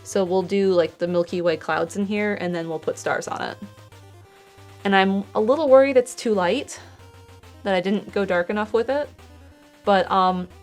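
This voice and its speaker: A young woman streaming her art, chatting casually and explaining her painting steps as she works. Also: mid-range voice. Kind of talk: casual chat while painting.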